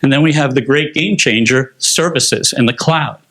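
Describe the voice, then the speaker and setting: A man's voice: mid-range voice, normal speed, a bit bright. A man giving a conference presentation on technology, explaining slides step by step with frequent fillers.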